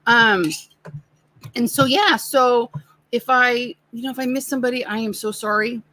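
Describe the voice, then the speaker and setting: A middle-aged woman co-hosts a relaxed livestream chat, teasing her partner and laughing often. Her voice is bright and forward. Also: fairly high pitch, moderate pace, low-quality recording. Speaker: co-host.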